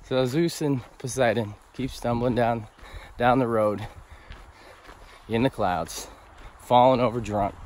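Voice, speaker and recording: A man on a long-distance hike telling a story casually, animated and profane, laughing as he goes. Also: mid-range voice, slow pace, a little hiss or hum. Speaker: thru-hiker vlogger. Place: outdoors on a mountain trail.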